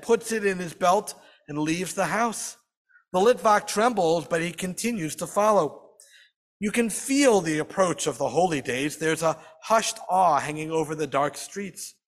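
A man's voice: fairly high pitch, a bit bright. Man telling a sermon story in a hall. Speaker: storyteller leading a Sabbath service. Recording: long hall reverb.

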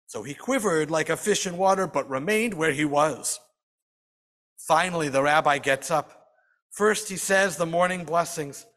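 A man's voice: high voice, fairly bright tone. Man telling a sermon story in a hall. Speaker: storyteller leading a Sabbath service. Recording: long hall reverb.

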